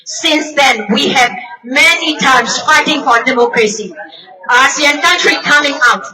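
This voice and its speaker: A woman delivers an emphatic, emotional protest speech at an outdoor rally. Her voice is high and bright, and she was recorded at a distance from the mic. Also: a little slow. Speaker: rally speaker.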